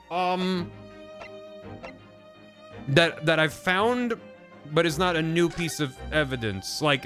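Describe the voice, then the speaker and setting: A man's voice: medium pitch, fairly bright tone. A man casually commenting while playing a game, joking and muttering confused asides, with game music behind him. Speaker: streamer.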